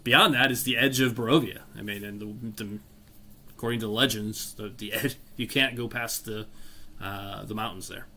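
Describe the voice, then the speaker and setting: A man's voice: on the low side, steady tone, normal speed, sharp tone. A man running a tabletop game as game master, narrating loosely and hedging with fillers.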